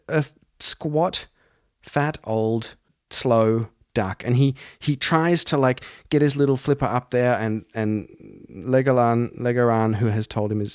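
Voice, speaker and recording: A man narrating his own solo tabletop game in a casual, rambling way, thinking aloud between rolls. His voice sits at an ordinary pitch and sounds dry, close and unreverberant. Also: no echo. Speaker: podcast host and solo player.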